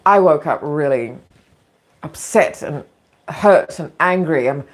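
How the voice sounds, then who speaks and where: A woman's voice: sits low, lively intonation, takes it slowly. A woman hosting a casual talk show, frank and opinionated, rambling with a slightly irritated throat. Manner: frank, opinionated, digressive, laughs often. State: throat irritation, occasional coughing. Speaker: podcast host.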